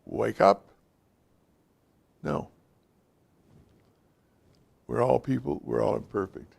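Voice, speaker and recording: A man's voice: medium pitch, slow pace, vocal fry, darkish tone, breathy edge. A man giving an informal, direct talk to a class of men, speaking to them plainly as guys and fellas. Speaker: teacher of a men's class.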